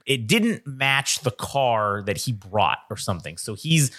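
In casual podcast chat, a young male co-host with medium pitch keeps a measured pace. His storytelling is lively, and he voices each person he describes.

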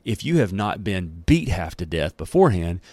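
Low-voiced folksy Bible teacher, a man. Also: sing-song, moderate pace, darkish tone, breathy edge, dry recording. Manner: folksy and slangy, conversational. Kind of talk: casual Bible teaching and reading.

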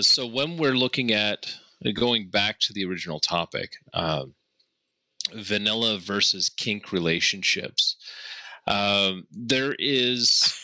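A man hosting a podcast discussion, talking in a measured way with many pauses and fillers. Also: fairly low pitch, sharp tone, no echo. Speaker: podcast host.

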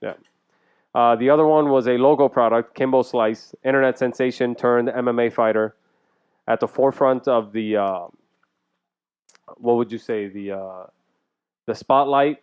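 Smooth-voiced man hosting a sports podcast. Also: mid-range voice, lo-fi sound. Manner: runs the show rundown, joking asides. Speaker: podcast co-host. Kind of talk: casual sports podcast chat.

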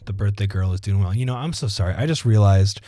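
A man's voice: on the low side, fast, dark tone, no echo, faint music behind. A young man hosting a solo podcast from home, rambling, joking and losing his thread. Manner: self-mocking. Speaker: podcast host. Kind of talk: solo casual podcast monologue. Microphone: desk microphone.

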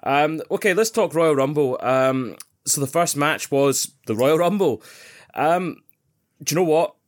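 A man's voice: a little high, unhurried. A Scottish man hosting a casual podcast chat, swearing often, laughing and rambling. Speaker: podcast host.

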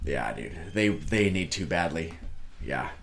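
A young man co-hosts a casual sports podcast on his own mic, occasionally muting himself, sounding laid-back, swearing freely, and calling his friend "dude." His voice is very deep, gravelly, and a bit bright, animated yet measured in pace.

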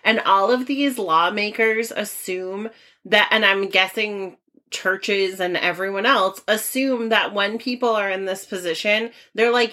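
A woman co-hosting a podcast, talking in a casual, animated and outspoken way. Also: medium pitch. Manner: animated, outspoken, quick asides. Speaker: podcast co-host.

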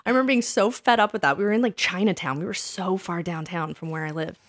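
A woman in her thirties, co-hosting a casual chat and telling her dating stories in an animated way, acting out what people said. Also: on the low side, fast, a little hiss or hum. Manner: animated storytelling, acts out quoted lines. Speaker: podcast co-host.

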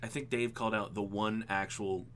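A man co-hosting a casual podcast, talking animatedly about a film adaptation, with frequent ums and quick laughs. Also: lowish voice, fairly even intonation, a bit bright, a little hiss or hum. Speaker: podcast co-host.

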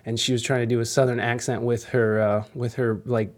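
A man with a mid-range voice hosts a relaxed interview. He rambles loosely and leans on filler words, restarting phrases as he talks. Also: mid-range voice, brisk. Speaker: interview host. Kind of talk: casual interview chat.

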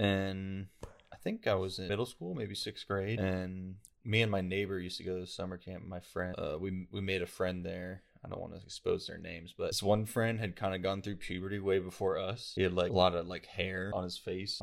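A young man co-hosting a podcast in loose, crude, laughing chat. His voice sits very low with a gravelly fry. He rambles through stories with an easy, irreverent manner. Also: level tone, fairly quick. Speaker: podcast co-host. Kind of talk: casual chat.

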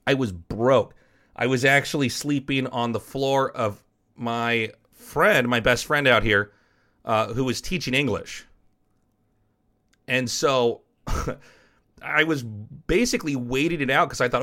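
With a sharp tone and a slow, mid-range voice, an American man tells a personal story on his podcast, rambling frankly and swearing casually. He hosts podcasts and casts esports.

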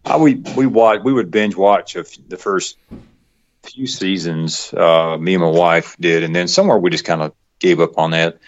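In a dull lo-fi recording, a middle-aged man with a Georgia Southern accent chats casually as an interview guest. His voice is low and his speed normal, and he rambles along with fillers and frequent chuckles.

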